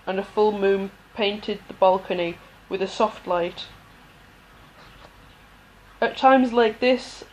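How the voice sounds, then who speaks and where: A woman reading a novel aloud as an amateur audiobook, unhurried, with pauses and the odd restart. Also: mid-range voice, slight background noise, rough recording. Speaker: audiobook reader.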